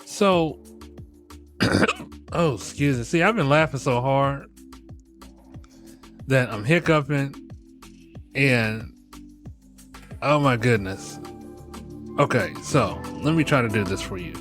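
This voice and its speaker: Speaking at a slow pace with long pauses, a middle-aged man of medium pitch runs a podcast while faint music plays. It's a casual, funny monologue where he laughs a lot, curses freely, and talks to listeners as y'all in an animated way.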